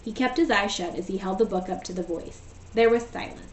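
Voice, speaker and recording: A woman teacher reading a storybook aloud in a steady, gentle way. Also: mid-range voice, a little fast. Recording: echoey room, voice far from mic.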